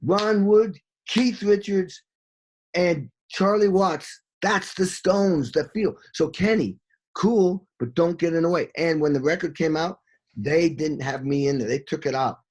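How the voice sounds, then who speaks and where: Excitable husky man telling studio stories. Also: fairly high pitch, measured pace. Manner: excitable, swears freely, scats drum beats. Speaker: session drummer, interview guest. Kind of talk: animated storytelling in an interview.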